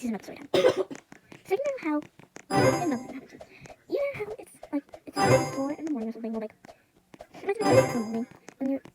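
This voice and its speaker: A woman's voice: high-pitched, rough recording. A woman rambling through a casual story time, her voice sped up, with lots of "like" and "you know.". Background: loud music.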